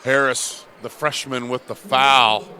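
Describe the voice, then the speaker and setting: A man's voice: mid-range voice, fairly even intonation, takes it slowly, sharp tone. A man in his fifties giving basketball color commentary, explaining plays in a coach-like way. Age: 50s.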